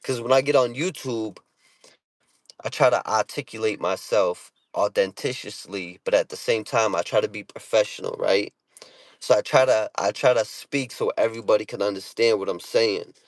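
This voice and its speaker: Talking casually to camera inside a parked car, a man from the Boston area, Massachusetts, uses a Boston accent, swears, and piles on street slang. This brash vlogger keeps saying "you know what I'm saying," his voice on the low side at normal speed in a dry recording.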